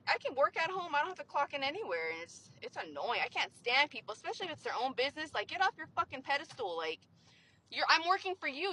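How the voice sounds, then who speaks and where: A woman's voice: sits high, pushed and bright, a little hiss or hum, poor audio. A young woman venting about her job in a casual, rambling way, swearing often and filling her talk with "like". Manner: frustrated, profane, rambling with many "like" fillers. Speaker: vlogger venting about work.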